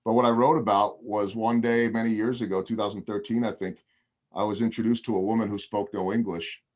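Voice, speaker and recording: A man's voice: on the low side, level tone, a little fast, darkish tone. A man, a television broadcaster, telling a long story on a video podcast over a video call, chatty with frequent ums and restarts.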